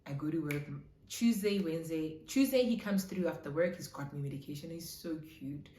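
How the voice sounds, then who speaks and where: A young South African woman telling a casual storytime, animated and switching between English and isiZulu. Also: low-pitched, moderate pace, slight background noise. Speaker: vlogger. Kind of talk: storytime chat. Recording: roomy echo.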